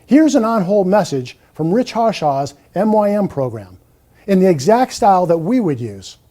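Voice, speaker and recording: A man's voice: high-pitched, very animated, moderate pace, dark tone. A man giving a scripted marketing talk, emphatic and a little mocking. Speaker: marketing presenter.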